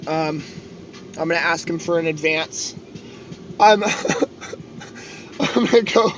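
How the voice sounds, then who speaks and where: A man's voice: on the high side, slow pace, pauses often, fairly bright tone, a little hiss or hum, low-quality recording. A young man streaming live, talking casually in a rambling, earnest way and pleading with his viewers.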